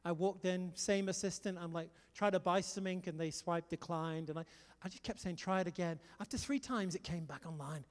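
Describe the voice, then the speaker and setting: A middle-aged man preaching a sermon, telling a story with animated energy and rallying his listeners. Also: high voice, brisk. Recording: long hall reverb.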